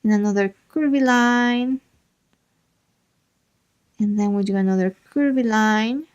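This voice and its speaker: Woman, drawing tutorial host, slow unhurried talk, slightly high voice, chatty and playful. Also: highs cut off. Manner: chatty and relaxed, talks to herself while drawing, playful asides. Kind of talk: casual drawing instruction.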